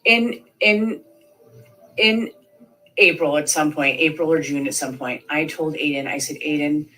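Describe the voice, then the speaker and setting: A woman's voice: low voice, measured pace, sharp tone, low-quality recording. A woman in her thirties giving a rambling, filler-heavy account in an interview, acting out the voices of people she quotes. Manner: rambling, many fillers, acts out quoted speech. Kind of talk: recounting events in an interview.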